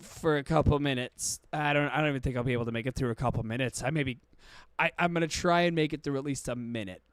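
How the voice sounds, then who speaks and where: A man's voice: medium pitch, fast talker, clear, resonant tone, no echo. A male podcast host giving casual streamed commentary, with profane, exaggerated ranting.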